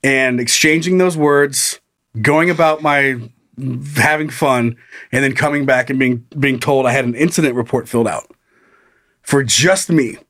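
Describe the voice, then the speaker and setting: Speaking a little slowly in a mid-range voice, a male podcast co-host relates a story during relaxed chat. He's lively, laughing frequently as he performs other people's lines.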